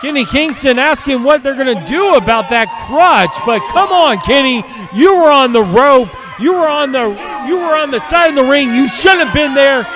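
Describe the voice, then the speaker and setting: A man calling a live wrestling match play-by-play, excitable and often shouting as he gets worked up. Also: extremely high pitch, moderate pace, few pauses. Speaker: wrestling commentator. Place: live wrestling show venue. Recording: loud crowd and music behind.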